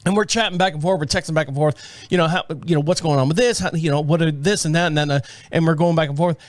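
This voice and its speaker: A high-pitched man hosts his podcast, rambling from one aside to the next in a casual, joking way. His voice sits dry and close, with no room sound around it. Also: fast, dry recording. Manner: rambling and chatty, with asides and jokes. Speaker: podcast host. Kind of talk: casual chat. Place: podcast studio with several cameras.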